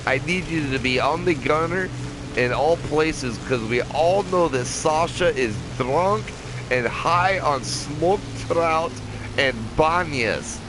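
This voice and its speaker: Give me a man putting on a fake Russian accent as a slow, mocking aircrew commander, with game noise in the background. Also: on the high side, pitched above the performer's own voice. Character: mock Russian man ordering his aircrew.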